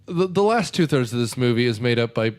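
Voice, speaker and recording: Co-host, man, animated and rambling, lots of stammered restarts, swooping voice. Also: mid-range voice, brisk. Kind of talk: casual chat, movie discussion.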